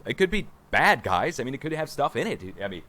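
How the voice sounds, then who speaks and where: A man in his forties hosting a rambling livestream from a room at home, excitable and conspiratorial, talking to viewers as guys. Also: mid-range voice, fast. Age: 40s. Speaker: livestream host.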